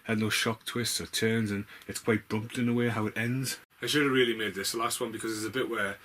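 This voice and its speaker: A man's voice: fairly low pitch, fairly even intonation, quick pace, a bit bright, slight background noise. Blunt, sweary man ranting about films. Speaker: film reviewer. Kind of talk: casual ranting film review.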